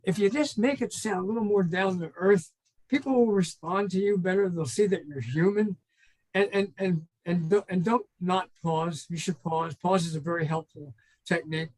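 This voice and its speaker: An older man, a trainer and consultant, is a guest in an interview, telling rambling stories in which he acts out phone calls. His voice is high-pitched yet darkish, at normal speed, on a rough recording. It's casual storytelling.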